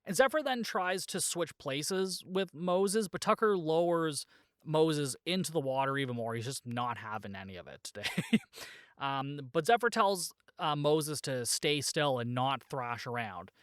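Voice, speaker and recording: This podcast host has a fairly high, expressive voice, slightly bright, clear and resonant, speaking a little slowly in an echo-free, studio-quality recording. He casually rambles through a movie plot with many fillers and frequent "like," laughing at his own joking asides.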